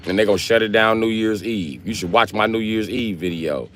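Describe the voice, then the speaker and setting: A man talks in a deep, low register. He streams live and jokes with his viewers in a brash, profane, trash-talking way. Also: a little fast, few pauses, a bit bright, a little hiss or hum. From Milwaukee, Wisconsin. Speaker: livestreamer. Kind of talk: casual live-stream chat.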